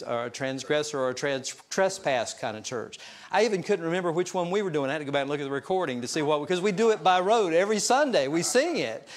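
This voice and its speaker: A male pastor preaching a sermon, telling stories in a folksy, self-deprecating way. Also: a little high. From US South mountain region. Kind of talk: sermon storytelling.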